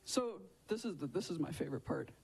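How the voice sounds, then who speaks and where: A man with a fairly high voice gives a children's Bible lesson. He talks in a chatty, informal way and keeps turning to his listeners with questions. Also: expressive, a little fast, gravelly, darkish tone, husky, rough recording.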